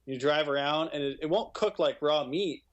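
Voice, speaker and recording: Male guest, dry deadpan humor, slightly high-pitched, relaxed chat. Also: moderate pace, highs cut off. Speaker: podcast guest. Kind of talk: casual chat.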